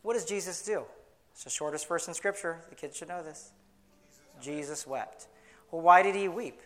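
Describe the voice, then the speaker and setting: A man preaching in church, earnest, often restarting, slowing down to stress key words. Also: fairly high pitch, a bit bright. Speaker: pastor. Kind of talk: sermon.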